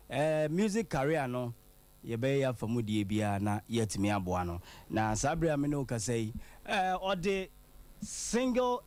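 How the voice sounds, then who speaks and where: A Ghanaian man hosts a casual radio chat. He talks in a lively, chatty way and laughs easily, with a voice that sits at an ordinary middle pitch. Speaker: radio show host.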